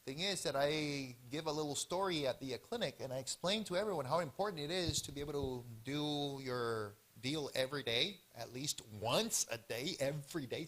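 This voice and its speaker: A man giving an informal health seminar talk at a church event, storytelling with lots of expression and acted-out bits. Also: on the high side. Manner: animated storytelling with acted-out voices.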